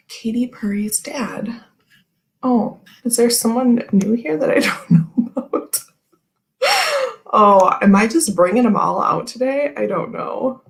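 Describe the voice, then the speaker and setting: A woman's voice: on the high side, slow pace, vocal fry, reverberant. A woman hosting a casual tarot livestream, chatting and reading viewer comments aloud in a giggly, rambling way full of "like" and "okay, anyway.".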